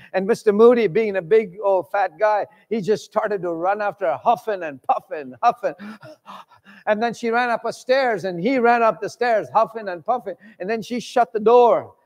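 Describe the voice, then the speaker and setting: A man preaching a sermon, preaching with force and shouting at his high points. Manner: shouts and swings his pitch widely for emphasis. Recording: long hall reverb.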